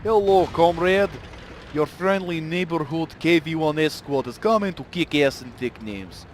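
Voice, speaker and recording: A man's voice: a little high, unhurried, slight background noise, pitched above the performer's own voice, close to an everyday voice. A man voicing a cocky male Russian tank commander in a put-on Russian accent, hammy and self-mocking, during game commentary. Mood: boastful.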